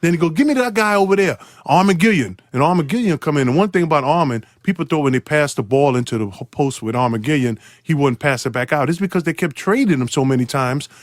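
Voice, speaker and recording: A man's voice: quick pace, hardly any pauses, no echo, clean studio sound. A man telling a sports story with lots of energy, acting out the quotes in jumpy voices and laughing often. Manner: acts out quotes with big pitch jumps, laughs often. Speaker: storyteller guest. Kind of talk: animated storytelling.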